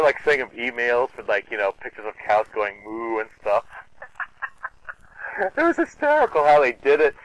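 A man in casual conversation, retelling film scenes with amused, animated delight and easy laughter. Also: medium pitch, poor audio.

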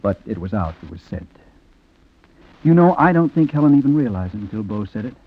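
An actor narrating a 1940s radio drama as a reflective man, quiet and rueful. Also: fairly low pitch, sing-song, brisk, husky. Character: reflective man telling a sad story. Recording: tinny old radio recording with music.

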